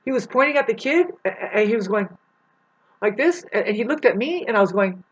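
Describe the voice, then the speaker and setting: A woman talks straight through a long personal story, circling back and restarting as she goes. Her voice is husky and sits a bit high. She swears freely and jumps into loud, exaggerated voices when she quotes the others. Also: lively intonation, fairly quick, lo-fi sound. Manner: rambling, swears, acts out the people in her story with big voice swings. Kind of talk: casual storytelling monologue.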